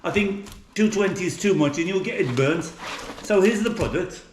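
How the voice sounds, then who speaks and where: Animated and high-pitched, the English cooking vlogger talks at a moderate pace in a relaxed, chatty kitchen vlog. He's middle-aged, stumbles through plenty of fillers and restarts, and the reverberant room carries slight background noise.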